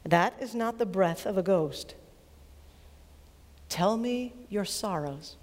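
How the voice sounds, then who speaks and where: Brief: woman reading as a huge calm male lion, low, unhurried, commanding, long hall reverb. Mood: solemn. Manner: slow, grave, low and deep.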